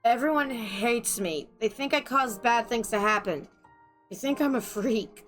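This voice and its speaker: A woman reading game text aloud, voicing a bullied orphan girl who speaks quietly and without hope. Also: a little high, unhurried, soft background music. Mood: despairing. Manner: quiet and despairing.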